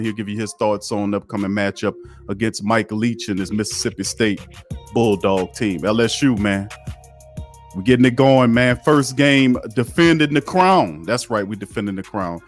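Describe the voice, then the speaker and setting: A man hosting a casual sports talk show, energetic and hype. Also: medium pitch. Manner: energetic, hype, drawn-out phrasing. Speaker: sports podcast host.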